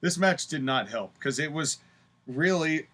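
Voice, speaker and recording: A man co-hosting a podcast in casual chat, opinionated and animated when he retells events. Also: a little high, unhurried. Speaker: podcast co-host.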